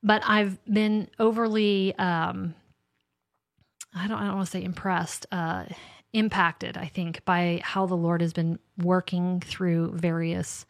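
A woman author and podcast host in casual faith conversation, chatty and animated, acting out her talks with God in little asides. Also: fairly low pitch, takes it slowly, no echo.

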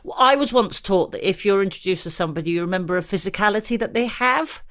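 A middle-aged woman talks in a relaxed, chatty podcast manner. She tells stories against herself and breaks into laughter often. Her pitch sits in an ordinary middle range. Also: quick pace. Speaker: podcast co-host. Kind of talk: casual chat.

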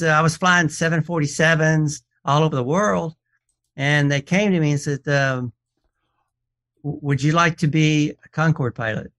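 A man who appraises watches, telling stories as a guest on a casual radio show, acting out the people in them as he goes. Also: on the high side. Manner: animated storyteller, quotes people in dialogue, frequent restarts.

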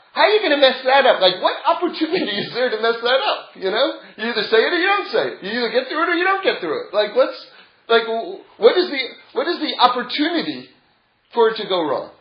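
A man giving an informal religious lecture as a Torah teacher, telling stories in a rambling way and chuckling often. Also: very high voice. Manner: digressive storytelling with frequent chuckles. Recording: roomy, dull lo-fi sound.

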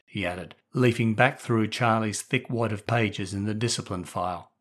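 A man narrates a story in a steady, measured way. His voice sits somewhat low. It is scripted audiobook narration. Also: slightly rough.

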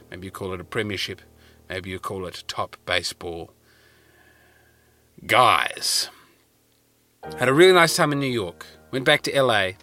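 A man with an Australian accent, a comedian hosting his podcast, telling rambling stories with wry, animated asides from inside a parked car. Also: on the high side. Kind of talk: casual comic storytelling. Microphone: podcast mic in a car.

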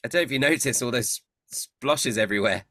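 A man's voice: medium pitch, a little fast, sharp tone, no room sound, clean studio sound. A man putting on a chatty, rattled companion. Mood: queasy. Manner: rambling and apologetic. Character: chatty, sheepish male companion, rattled and grateful.

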